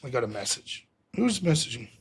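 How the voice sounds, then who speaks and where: A man hosting a live-streamed show, ranting through profane, mocking political commentary that swings from shouting to muttering. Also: mid-range voice, very animated, brisk, husky.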